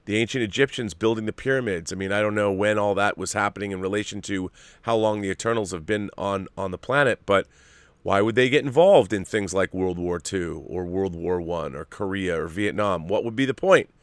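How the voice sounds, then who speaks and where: A man hosting his own show, talking about a film trailer in an animated way, full of fillers and restarts. His voice sits on the low side, and it is recorded dry and close with no room sound. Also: fairly quick, clean tone, no room sound. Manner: animated, repeats words, many fillers. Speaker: show host. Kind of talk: casual commentary on a movie trailer.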